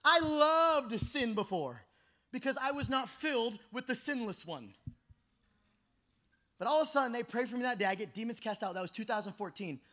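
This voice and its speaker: A man in his thirties preaching an energetic youth sermon at a camp meeting, telling stories that swing from shouting to hushed. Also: very high-pitched, normal speed. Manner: animated storytelling, shifts from shouting to hushed.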